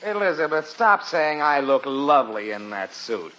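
A man's voice: fairly high pitch, very animated, moderate pace, fairly bright tone. A man playing a pompous, easily flustered husband in a 1940s radio comedy, on a muffled old recording. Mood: blustering.

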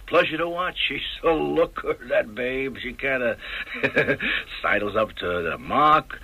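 An actor playing a pushy, slangy mob messenger in a radio drama. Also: male voice, mid-range voice, pushed and bright, poor audio. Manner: slangy tough-guy patter. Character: pushy male mob messenger, sly and cocky. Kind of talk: 1970s radio drama acting.

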